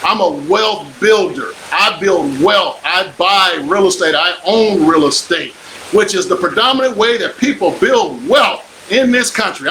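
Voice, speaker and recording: Emphatic older man, bright, high voice. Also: a little hiss or hum, low-quality recording. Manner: preachy, emphatic, repeats lines for effect. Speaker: real estate investor and coach. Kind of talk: motivational live stream pitch.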